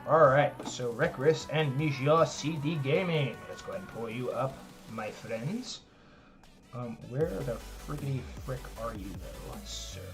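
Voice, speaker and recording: A man hosting a live chess tournament stream in casual chat, rambling with lots of "like" fillers and joking at his own expense. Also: mid-range voice. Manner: rambling, heavy use of "like" fillers; joking, self-deprecating.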